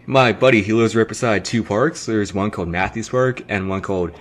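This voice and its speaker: Young man, casual animated storyteller for game commentary. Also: lowish voice, brisk. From Canada. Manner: animated, acts out quotes, swears freely. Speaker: gaming commentator.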